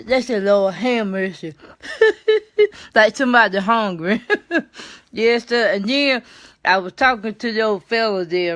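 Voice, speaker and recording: Tired older lady chatting on her vlog, folksy and slow, lots of mm-hmm and yes sir, middle pitch. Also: fairly bright tone. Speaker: vlog host. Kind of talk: folksy monologue on slang.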